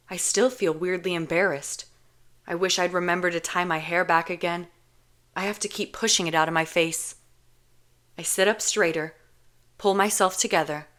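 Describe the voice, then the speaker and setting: A woman reading a novel aloud in a calm, measured first-person narration. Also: fairly low pitch. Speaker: audiobook reader.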